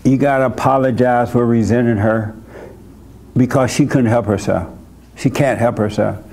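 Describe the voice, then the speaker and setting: A man's voice: mid-range voice, fairly even intonation, normal speed, creaky, darkish tone. Blunt, insistent male church host. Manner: direct and insistent, repeats words for emphasis; asks short pointed questions. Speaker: church host counseling a young caller. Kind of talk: blunt counseling conversation.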